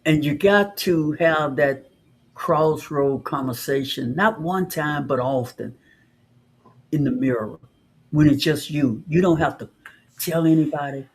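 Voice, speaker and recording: A man's voice: on the high side, measured pace, slight background noise. A man co-hosting a show, giving an earnest, preachy motivational talk with many restarts. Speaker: podcast co-host.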